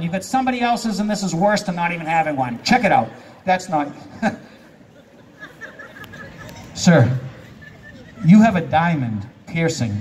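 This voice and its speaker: A man's voice: sits high, darkish tone, a little hiss or hum. A man performing as a stage hypnotist, giving playful commands to volunteers and laughing often. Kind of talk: live stage show patter. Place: live theater stage. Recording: distant live stage sound.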